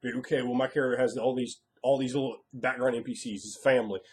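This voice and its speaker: Guy ranting about tabletop games, punchy, acts out quotes, mid pitch. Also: fairly even intonation, fast talker, a little mellow. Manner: emphatic, acts out quoted players and game masters. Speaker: game master. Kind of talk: casual advice monologue.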